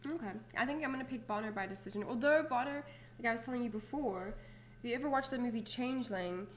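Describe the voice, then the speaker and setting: A bubbly young woman hosts a casual interview, laughing easily between questions. Her voice sits a little high, with a soft hiss of noise behind it. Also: quick pace. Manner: bubbly, giggly. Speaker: host.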